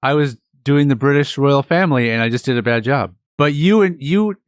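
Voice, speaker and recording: Podcast guy co-hosting, playful arguing and ribbing, mid pitch, dry close sound. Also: expressive, brisk, no echo. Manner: playful, argumentative teasing. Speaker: podcast co-host. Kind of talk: casual chat.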